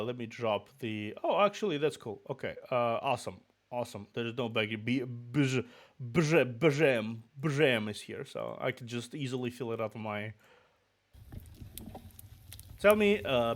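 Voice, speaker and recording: A man's voice: mid-range voice, expressive, a little slow. A man with a slight Russian accent, a little sick, chatting loosely and restarting his sentences as he sets up a stream to read a book. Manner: rambling, with frequent restarts and muttered asides. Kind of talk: casual chat before a book reading.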